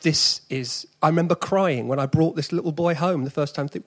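Man, forties, South East London accent, preacher, earnest chatty sermon, fairly high voice, builds to emphatic peaks. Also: brisk, fairly bright tone. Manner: earnest and conversational, with sudden emphatic rises.

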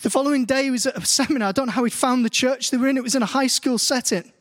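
High-voiced British pastor preaching. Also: male voice. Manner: slow, deliberate scripture reading; storytelling, rising in pitch as he grows animated. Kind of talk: sermon with scripture reading. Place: church hall.

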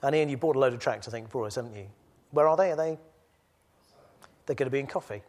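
A male preacher giving a sermon to a church gathering, moving between quiet reflection and loud exhortation. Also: mid-range voice, fast.

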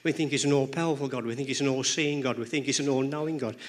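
A man's voice: mid-range voice, fast talker. A man preaching a sermon to a congregation, emphatic and rhythmic, often repeating words and phrases as he builds his points. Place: church.

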